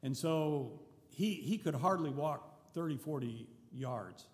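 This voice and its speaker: A man's voice: fairly high pitch, animated, slow. Older New man, folksy storyteller. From New Zealand. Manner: folksy, chatty, with restarts and wry asides. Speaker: visiting missionary. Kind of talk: casual storytelling to a congregation. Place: church sanctuary. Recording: long church hall reverb.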